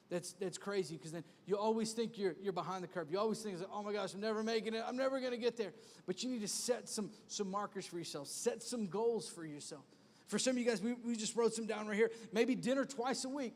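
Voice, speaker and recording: A man's voice: high voice, a little hiss or hum. A male pastor preaching a sermon with energy, using comic stories and repeated exhortations, in a church auditorium. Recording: echoey church hall.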